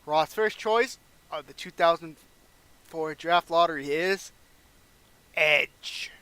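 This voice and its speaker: A man casually recaps a wrestling management game, reading out match scores. His voice sits a little high, bright and crisp, with a dry, close sound. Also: slow, dry recording. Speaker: game playthrough narrator.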